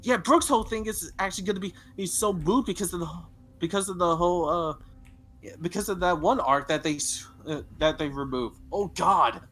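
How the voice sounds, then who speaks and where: A man with a fairly high voice chats casually on a gaming stream. He rambles from tangent to tangent and restarts his sentences often. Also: a little fast, a bit bright. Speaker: gamer on a stream. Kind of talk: casual chat while gaming.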